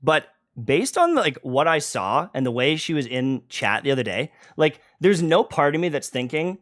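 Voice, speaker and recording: Male streamer, lively swooping pitch, confrontational, stumbles over restarts. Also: normal speed. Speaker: streamer and host. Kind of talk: heated online argument.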